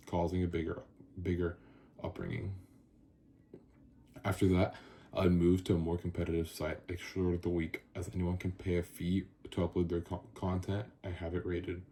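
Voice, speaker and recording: Deep-voiced male student, earnest. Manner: earnest, steady, with small stumbles and restarts. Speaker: student presenting his film project. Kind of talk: interview-style reflection, partly read. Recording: roomy echo with steady background noise.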